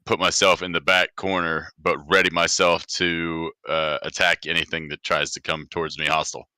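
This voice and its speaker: A man's voice: sits low, level tone, normal speed, sharp tone, clean tone, dry recording. A man playing a tabletop game, talking casually and playfully, laughing often. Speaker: player.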